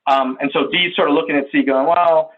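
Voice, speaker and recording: A man giving a sales training talk over a video call, telling a story in an animated, conversational way and checking in with his audience. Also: fairly high pitch, quick pace, slightly rough, narrow, tinny audio. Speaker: workshop presenter.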